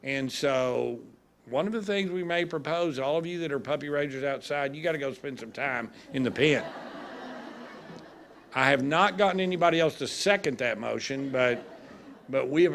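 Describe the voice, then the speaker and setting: Man, judge giving a ceremony speech, gravelly voice, folksy humorous storyteller. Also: on the high side, moderate pace, a little hiss or hum. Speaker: judge speaking at a graduation ceremony.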